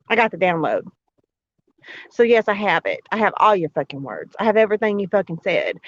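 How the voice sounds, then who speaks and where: A woman ranting bluntly and profanely on a livestream, combative and defiant. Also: lowish voice. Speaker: livestream host. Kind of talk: angry livestream rant. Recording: dull lo-fi livestream audio.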